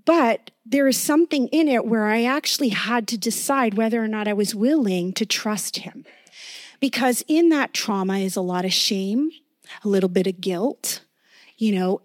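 A woman preaching in an earnest, conversational way, weaving in her own testimony and often checking in with her listeners. Her voice sits a little high for a woman, and the recording is dry and close with no room sound. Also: no echo. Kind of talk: sermon with personal testimony.

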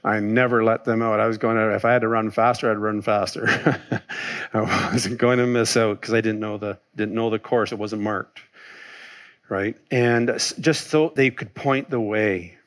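A man preaching a sermon as a pastor, animated, asking and answering his own questions, swinging between loud exclaiming and soft musing. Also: fairly low pitch, normal speed.

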